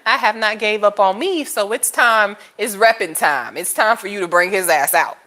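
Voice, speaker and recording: A young adult woman chatting casually to camera as a tarot channel host, telling stories animatedly and jumping into high, playful voices for quoted lines. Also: normal speed, hardly any pauses. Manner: animated storytelling, jumps to high-pitched voices for quoted lines, laughs often.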